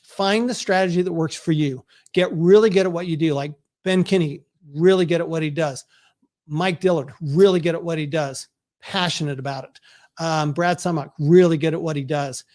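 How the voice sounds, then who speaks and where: A man's voice: on the high side, moderate pace, darkish tone. A man hosting the live online launch of his own book, talking earnestly and answering viewers' comments over a video call setup.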